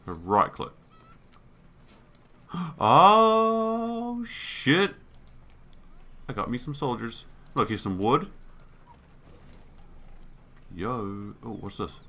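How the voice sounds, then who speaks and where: Male let's player, bright tone, casual and profane, reading game prompts aloud. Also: fairly low pitch, lively intonation, takes it slowly, vocal fry, pauses often, slightly rough. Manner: thinks aloud, swears, reads on-screen text. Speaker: gaming YouTuber. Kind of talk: let's play commentary.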